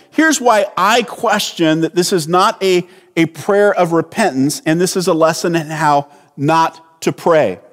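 Guy preaching real slow and earnest, kinda high voice, echoey church hall. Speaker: pastor. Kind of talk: sermon.

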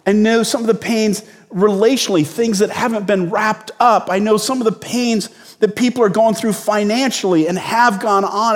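A man's voice: sits high, big-room sound. A male pastor preaching a sermon in a conversational, storytelling way with sudden bursts of emphasis.

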